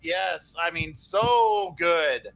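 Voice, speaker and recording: A man giving live esports color commentary over an online call, out of breath, excitable and gushing with many fillers. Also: fairly high pitch, extremely slow, faint music behind, rough recording.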